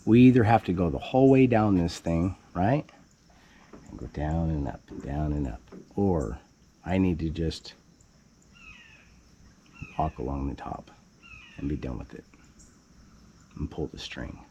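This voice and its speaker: Guy explaining roof stuff in a goofy bouncy way, kinda mellow voice, out on site. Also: rumbling low, lively intonation, a little slow, long pauses, a little hiss or hum. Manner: playful, joking, calls viewer "baby cakes". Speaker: homesteader building his house. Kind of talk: casual how-to explanation.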